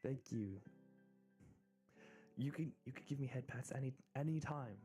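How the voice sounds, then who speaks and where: An American man talks casually to his stream in a mellow, relaxed voice. He rambles, restarts his sentences and giggles often. Quiet music plays faintly in the background. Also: medium pitch, unhurried. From United States. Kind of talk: casual live-stream chat.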